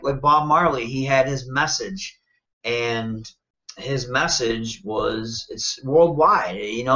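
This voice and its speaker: A wrestler from Michigan in the United States talks as a guest in a casual interview, animated, confident, and self-promoting, often checking in with "you know what I mean." His voice is mid-range and the audio sounds dull.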